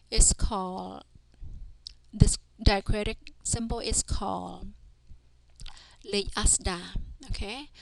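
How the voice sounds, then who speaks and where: A woman teaching a reading lesson, sounding out syllables one by one in a slow, deliberate way. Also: mid-range voice, gravelly, dry recording. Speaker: language teacher.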